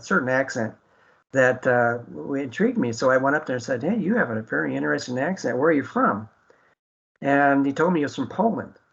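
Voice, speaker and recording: A man's voice: mid-range voice, highs cut off. A man hosting an internet radio talk show, speaking earnestly with many fillers and restarts.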